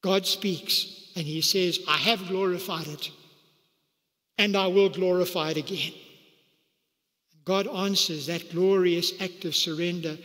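A man's voice: measured pace, long pauses. A man preaching a sermon, dramatically acting out the quoted lines. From South Africa. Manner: animated preaching, acting out quotes with sudden pitch leaps. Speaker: pastor. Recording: church hall with long reverb.

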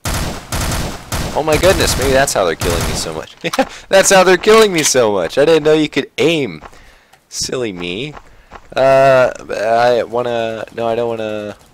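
A man gives lively, excitable commentary over his own gameplay. His pitch leaps around as he jumps between loud exclamations and quiet muttering. Faint gunfire from the game sits under his voice. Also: unhurried, slight background noise. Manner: animated, exclaiming and muttering to himself. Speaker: gaming channel host.

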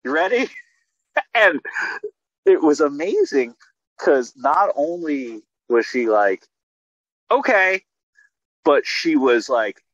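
A man, a filmmaker guest, telling stories in a casual video-call interview with animated restarts. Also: medium pitch, takes it slowly, pauses often, husky, no room sound. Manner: animated storytelling with many restarts. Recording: dull lo-fi video call audio.

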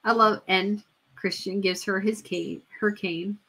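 A woman hosts a casual livestream and talks in a bright, clear voice at a middle pitch. She gushes, chats freely and keeps restarting her sentences with fillers, as if thinking out loud for her viewers. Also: steady tone, measured pace. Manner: gushing, chatty, many fillers and restarts. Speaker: royal news livestream host.

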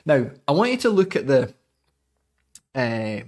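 A man's voice: medium pitch, very animated, unhurried. A Scottish man in his forties, a cycling coach giving a jokey, chatty live podcast talk to his viewers.

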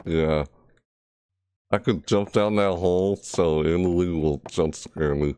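A man's voice: deep voice, slow pace, warm tone, clear, resonant tone. A man giving live horror game commentary through a VR headset, jumpy and frustrated, often breaking into panicked yelps and shrieks. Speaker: gameplay commentator.

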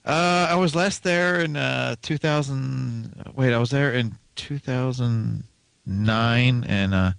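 A man chatting casually, halting as he recalls things and laughing easily. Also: medium pitch, vocal fry, fairly bright tone, clean tone, no room sound. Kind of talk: casual chat.

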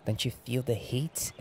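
A young man hosting soft-spoken game commentary, talking gently and relaxed with chuckling asides. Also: medium pitch, slow, slight background noise. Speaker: gameplay host.

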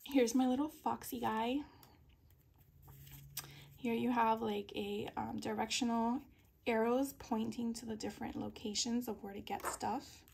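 A woman in a casual craft haul video, reading sticker captions aloud slowly and giggling at the puns. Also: a little high, steady tone, vocal fry, darkish tone, slight background noise. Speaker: papercraft vlogger.

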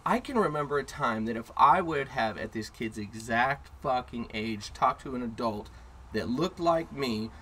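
A man co-hosting a casual podcast, telling a story in a brash, profane, animated way, recorded in a car. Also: mid-range voice, normal speed, slightly rough, rough recording. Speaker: podcast co-host. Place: inside a car.

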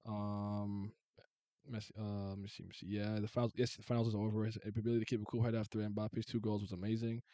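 A man hosting a casual sports chat, blunt and animated, swearing freely and restarting his sentences. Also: fairly low pitch, fast, no echo.

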